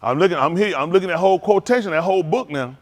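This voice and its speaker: Male pastor, joking sermon style, laughs a lot, slightly higher voice. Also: rapid-fire. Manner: loud, laughing, playful banter with the congregation; drops to a low, quiet earnest tone for counsel. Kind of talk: joking sermon talk to a congregation.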